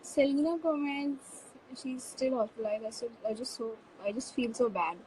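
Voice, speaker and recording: A woman's voice: high-pitched, normal speed, darkish tone, a little hiss or hum, poor audio. A woman hosting a casual live stream, chatty and upbeat, reading fan comments aloud into a phone.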